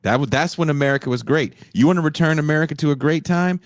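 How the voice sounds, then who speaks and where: A man co-hosting a casual podcast, talking in an animated, profane way and often breaking into laughs and shouts. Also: on the high side, fast, dry recording, clean studio sound. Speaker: podcast co-host. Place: home in Mexico.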